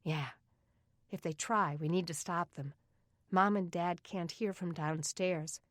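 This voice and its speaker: Woman voicing a calm teen girl, gentle, reassuring, dry close sound. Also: lowish voice, slow pace, dry recording.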